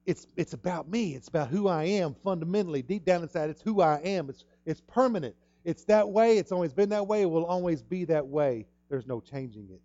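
A man preaches a sermon with a slightly raised pitch, hammering his points through repetition. His voice leaps up loud and high on key words. The recording sounds muffled and lo-fi. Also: lively intonation, a little fast, few pauses. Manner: emphatic, repeats words, sudden loud rises in pitch. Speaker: pastor.

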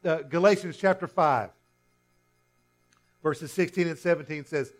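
A man's voice: fairly high pitch, measured pace, soft background music. A male pastor preaching a sermon earnestly, often restarting and repeating himself.

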